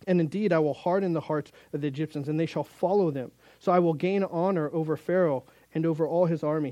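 A man preaching a sermon to a room, animated and acting out scripture quotes, often addressing listeners as guys. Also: on the high side, dry recording. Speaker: pastor. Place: room with young audience.

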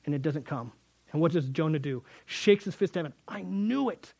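A man preaching a sermon, reading scripture and explaining it in a lively, conversational way, often acting out the dialogue. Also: on the high side, a little fast.

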